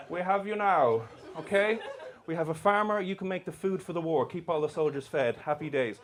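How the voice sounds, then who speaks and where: A man with a voice on the high side moves fairly quickly through a live stand-up set at a comedy club. He ribs and swears at the crowd in a brash, mocking style, with audience laughter and noise audible in the recording.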